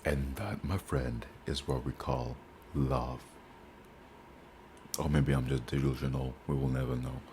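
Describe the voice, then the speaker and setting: A man reading old letters aloud and commenting on them between readings, slow and halting with restarts. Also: rumbling low, fairly even intonation, a little mellow, a little hiss or hum. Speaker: book reader and commentator.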